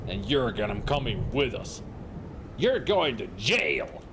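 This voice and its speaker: A man voicing a steady, defiant male hero in a horror game, speaking firmly. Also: medium pitch, slow pace, noisy background, voice pushed down.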